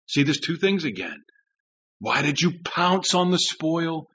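A male pastor delivers an impassioned sermon in a high-pitched voice. He swings between urgent, near-shouted lines and low, intense passages. The recording sounds dull and lo-fi. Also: sing-song, unhurried.

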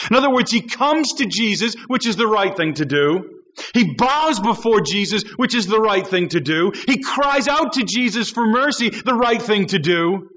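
A man's voice: very high voice, a bit bright, lo-fi sound. A man preaching a sermon, emphatic and driving home his points with repeated rhetorical questions.

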